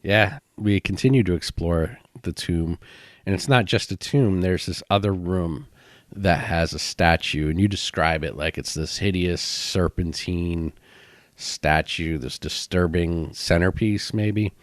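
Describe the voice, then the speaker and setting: A man with a notably deep voice talks through a tabletop adventure in a relaxed, chatty way. His recap is loose and full of fillers. The recording is close and dry. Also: measured pace, no room sound. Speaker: podcast co-host and player. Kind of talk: casual chat recapping a tabletop game.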